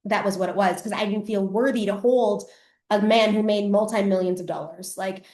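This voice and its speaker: A woman's voice: mid-range voice, steady tone, moderate pace, mellow. Canadian coach lady telling her story live, blunt and sweary, voice bouncing round an echoey room. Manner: candid, swears freely, acts out past selves. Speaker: podcast host and coach.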